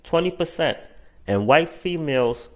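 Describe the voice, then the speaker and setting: A man hosting a channel, giving measured, news-style commentary and citing figures. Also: fairly high pitch, expressive. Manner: measured, matter-of-fact, cites figures.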